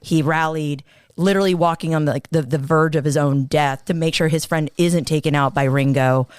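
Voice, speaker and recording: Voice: medium pitch, fairly even intonation, brisk, smooth, no echo. Gushing podcast co-host, dry sound. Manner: gushing, enthusiastic. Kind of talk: casual movie review chat.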